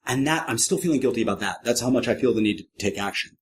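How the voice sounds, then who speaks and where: Wry middle-aged man telling a lively story. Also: fast talker, slightly rough. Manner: lively, acts out quoted voices with big pitch jumps; self-deprecating, wry humor. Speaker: podcast guest, professional clown. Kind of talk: animated anecdotal storytelling.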